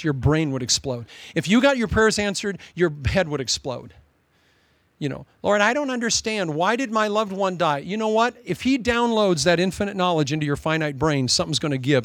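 Preaching a sermon, a man moves between animated storytelling and joking asides, addressing his listeners as "loved one." His voice is on the high side, with no echo.

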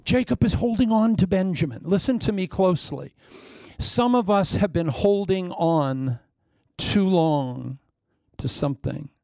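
A man preaching a sermon, telling a story with lively energy and acting out the voices. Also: fairly high pitch, vocal fry, breathy edge, no room sound, clean studio sound. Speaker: pastor.

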